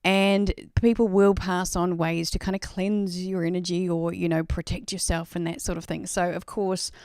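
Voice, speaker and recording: A woman's voice: lowish voice, flat delivery, moderate pace, darkish tone, smooth, no echo, studio quality. An Australian woman hosting a live stream, telling a story in a rambling, chatty way full of "like" and "you know.".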